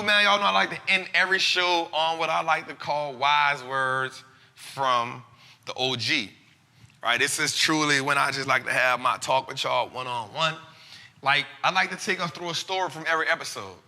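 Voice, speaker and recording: A man hosting a live finance talk show, animated and casual, full of slang and repeated phrases. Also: fairly high pitch, big-room sound.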